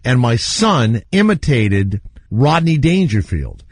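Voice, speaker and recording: A man's voice: mid-range voice, slow pace, slightly rough, no room sound. A middle-aged man hosting a radio show, telling stories in casual chat and laughing often. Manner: animated storyteller, laughs often. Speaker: radio host.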